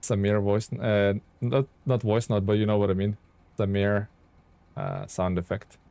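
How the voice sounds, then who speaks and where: A gaming streamer with a lowish, creaky, dark yet clean voice chats casually with his viewers while he plays, his intonation lively and his pace a little slow. He laughs often and playfully mocks himself over his mistakes.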